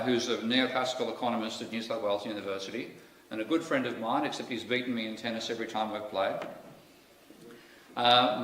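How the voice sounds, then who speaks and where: A man's voice: medium pitch, bright, forceful tone. A man with an Australian accent giving a public lecture in a wry, candid way, full of asides. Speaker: guest lecturer. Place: lecture hall. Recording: echoey hall, distant mic, faint noise.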